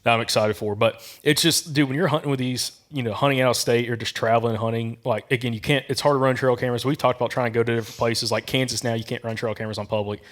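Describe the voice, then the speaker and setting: Fast-talking Alabama man with a Southern drawl. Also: mid-range voice. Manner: fast, animated storytelling with acted quotes. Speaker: podcast host. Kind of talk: casual chat.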